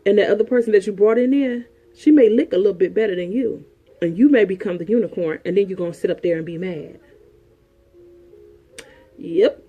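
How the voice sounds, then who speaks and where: A woman's voice: medium pitch, a little mellow, highs cut off. A woman counselor giving frank relationship advice in an emphatic, preachy way, repeating her points. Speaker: sexologist and counselor host.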